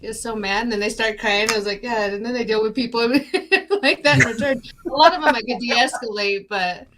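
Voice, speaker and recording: A woman's voice: fairly high pitch, moderate pace, noisy background. A woman co-hosting a podcast, telling stories about call center work in an easygoing way, laughing as she talks. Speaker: podcast co-host. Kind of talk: casual chat.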